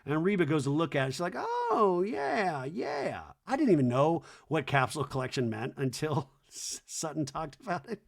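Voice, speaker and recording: A man's voice: a little high, a little fast. A man hosting a podcast, giving a wry, chatty recap of a reality show. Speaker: podcast host.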